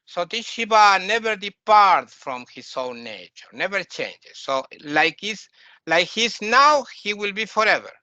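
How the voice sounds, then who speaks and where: Brief: male teacher, high bright voice, unhurried, dry close sound. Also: big pitch swings, dry recording, highs cut off. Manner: unhurried, explains terms, asks listeners questions. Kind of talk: spiritual lecture.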